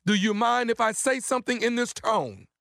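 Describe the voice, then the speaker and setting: High, gravelly, fired-up prank caller man. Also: moderate pace, no echo, studio quality. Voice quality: animated, heated arguing. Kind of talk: prank phone call. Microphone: studio mic.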